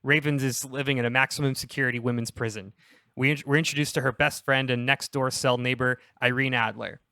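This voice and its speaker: A young man on a casual comedy podcast, pitching a story in a rambling, self-interrupting way and laughing at his own jokes. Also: fairly even intonation, brisk, bright, forceful tone, no room sound, studio quality.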